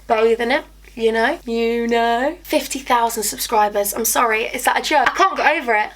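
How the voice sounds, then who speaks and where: A woman's voice: on the high side, moderate pace. A young woman, chatting casually and getting sidetracked while she does her makeup. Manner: bubbly, chatty, easily sidetracked. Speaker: beauty vlogger.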